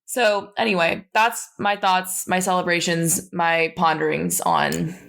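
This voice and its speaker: A young woman co-hosts a casual podcast, talking in a chatty, playful way. Her voice sits a little low, and she often drops into silly voices to act out quotes. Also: steady tone, a little slow, creaky, fairly bright tone. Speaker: podcast co-host. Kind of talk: casual chat.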